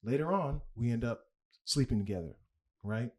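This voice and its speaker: A man's voice: mid-range voice, animated, moderate pace. A young adult man, a comedian, telling a long personal story casually and candidly, often adding "right?" and "like". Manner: candid, rambling, leans on "right?" and "like". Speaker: guest comedian.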